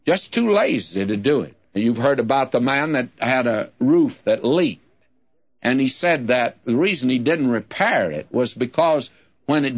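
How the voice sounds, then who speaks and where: An older man teaching through Bible verses, reading scripture aloud and explaining it plainly. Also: mid-range voice. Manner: slow, deliberate, reads scripture then explains it. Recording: dull lo-fi sermon recording.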